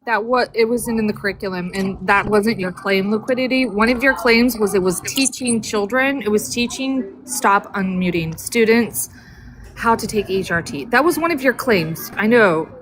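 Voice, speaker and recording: A woman from Florida arguing on a live-stream debate, combative and quick to curse and mock over an online call. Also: medium pitch, fairly bright tone, slight background noise. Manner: combative, cursing, mocking. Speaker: debate panelist.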